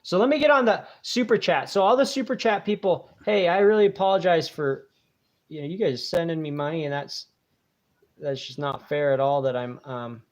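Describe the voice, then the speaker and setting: A man with a slightly raised voice hosts a casual live stream, reading out viewer donations and answering as he goes. He talks in a loose, rambling way, full of ums and restarts, and he sounds warm and grateful toward his audience. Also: a little high, moderate pace. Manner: rambling, hesitant with many fillers and restarts.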